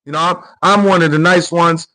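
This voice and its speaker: A man with a high, lifted voice runs his own political commentary show. He talks off the cuff, circling back on the same phrases in slangy, combative bursts, as if arguing straight at the person on screen. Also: a little fast, low-quality recording. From New York. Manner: animated, repetitive, slangy and confrontational.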